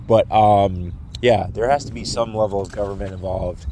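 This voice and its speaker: A man's voice: on the low side, fairly even intonation, moderate pace, mellow, slight background noise. A man with a stuffy nose, drowsy, rambling in a profane casual monologue full of fillers and restarts, recorded outdoors on a phone. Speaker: vlogger.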